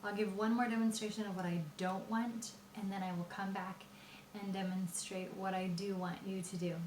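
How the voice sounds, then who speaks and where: A woman voice teacher explaining singing technique in a patient, explanatory way, pausing often with fillers. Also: medium pitch, little pitch movement, darkish tone, a little hiss or hum. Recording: roomy echo.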